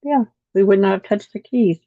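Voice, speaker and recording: A woman's voice: mid-range voice, normal speed, dry recording. A woman teaching a class over a video call, reading lesson text aloud and often repeating words after slips. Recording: dull, dry video call audio.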